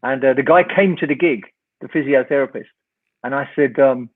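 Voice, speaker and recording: An older man spins a long, wry story, slipping into the voices of the people in it. His pitch sits mid-range for a man. The sound comes through a thin, tinny call line. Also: normal speed. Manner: lively raconteur, wry, acts out the dialogue. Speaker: guest, rock singer. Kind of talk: storytelling anecdote in an interview.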